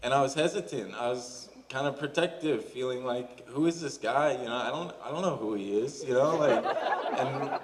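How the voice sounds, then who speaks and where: A young man in his twenties giving an emotional wedding toast for his sister, halting and full of fillers. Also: medium pitch. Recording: distant camera, crowd noise behind.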